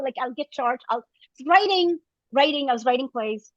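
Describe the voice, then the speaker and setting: Lively storytelling woman in her fifties. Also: sits high, normal speed, dry recording, lo-fi sound. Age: 50s. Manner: animated storyteller, acts out quoted voices. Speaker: podcast guest, writer. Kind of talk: casual storytelling interview.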